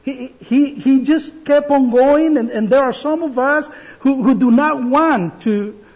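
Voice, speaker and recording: Guy giving a sermon, high-pitched, slow and careful. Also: darkish tone, muffled recording. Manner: slow, deliberate delivery with pauses and restarts. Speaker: preacher.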